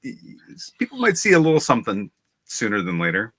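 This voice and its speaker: A man's voice: mid-range voice, wildly swooping pitch, quick pace, fairly bright tone, no room sound. A man in a casual toy chat, rambling and thinking aloud with many restarts. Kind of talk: casual chat while opening toys.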